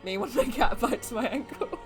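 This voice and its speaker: A young Australian woman reacting to films, exasperated and swearing as she yells at the screen. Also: fairly high pitch, very animated, moderate pace, music in the background. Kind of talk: casual reaction commentary. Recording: film audio playing behind.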